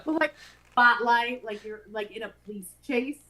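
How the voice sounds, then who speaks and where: A woman co-hosting a podcast in casual chat, bantering playfully and getting animated. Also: fairly high pitch, normal speed, low-quality recording. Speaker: podcast co-host.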